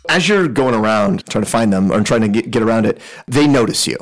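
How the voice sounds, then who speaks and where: A man's voice: on the low side, expressive, a little fast, slight background noise, low-quality recording. A man narrating a tabletop role-playing game as game master, with many fillers and restarts.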